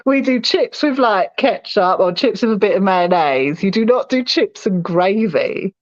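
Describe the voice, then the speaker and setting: A woman's voice: medium pitch, unhurried, dry recording, lo-fi sound. A woman with a London accent, co-hosting a casual chat and telling stories with lots of laughter. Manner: laughing, animated storytelling. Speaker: podcast co-host. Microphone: phone.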